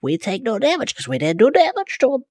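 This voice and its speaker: A woman playing her character in a tabletop game, blunt, deadpan and playful. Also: on the high side, fast talker. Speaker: player.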